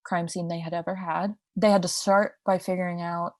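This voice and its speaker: A woman's voice: lowish voice, level tone, fairly quick, darkish tone, no room sound, studio quality. A young woman co-hosting a podcast, telling a crime story in a casual, chatty way with asides and restarts. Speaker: podcast co-host.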